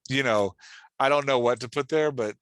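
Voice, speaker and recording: A man's voice: medium pitch, moderate pace, a bit bright. A man hosting a podcast and giving casual, encouraging feedback on a writer's dialogue, talking loosely with lots of filler words. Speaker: podcast host and writing coach.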